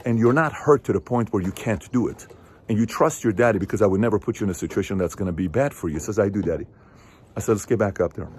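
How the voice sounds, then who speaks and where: A show host in his thirties tells a personal story to camera, casual and emphatic, with sudden loud peaks. His voice is lowish, and there's a little hiss or hum in the recording.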